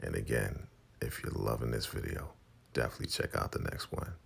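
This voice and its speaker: A man casually recapping a TV episode, telling the story in an animated way and acting out the scenes as he goes. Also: extremely low pitch, brisk, gravelly, husky. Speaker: TV recap vlogger.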